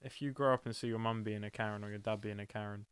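A man's voice: fairly low pitch, steady tone, quick pace, clean tone, dry recording. A young man who is a guest on a podcast, chatting in a laid-back, jokey way and swearing casually. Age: young adult. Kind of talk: casual chat.

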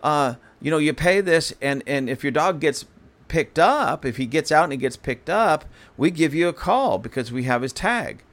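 A man's voice: a little high, expressive, moderate pace, fairly bright tone, pitched above the performer's own voice. A man voicing a flustered female animal control officer who stammers and falls back on the rules. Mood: flustered official. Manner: stammering, bureaucratic.

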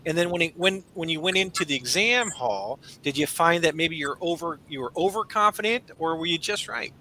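Bright-voiced man hosting a podcast. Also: fairly high pitch, a little fast, a little hiss or hum. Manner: conversational, agreeable, frequent "you know". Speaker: podcast host and exam instructor. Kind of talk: casual podcast chat.

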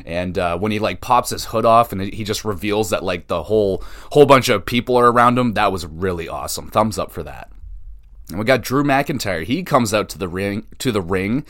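Male podcast host, lower voice, casual and excitable, cusses freely. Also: normal speed. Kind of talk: casual wrestling show recap.

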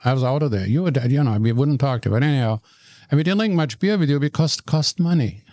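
An older man, a guest telling stories in an animated way, often stumbling and repeating words. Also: medium pitch, fast, dry recording. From Germany. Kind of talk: storytelling in conversation.

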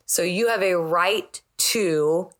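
Candid woman podcast co-host, lowish voice. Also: slow. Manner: candid, rambling, many restarts. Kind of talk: casual chat.

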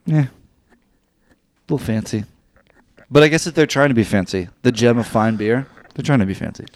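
A young man co-hosting a casual beer-tasting podcast, cutting in with quick jokes. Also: mid-range voice, expressive, no room sound. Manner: quick joking interjections. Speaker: podcast co-host. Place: home studio.

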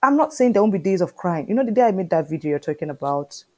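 A woman in her thirties speaks as an interview guest with a fairly low voice. She tells her story with lively energy and keeps checking in with "do you understand?". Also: fast. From Nigeria. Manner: animated storyteller, often asking "do you understand?". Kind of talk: conversational interview.

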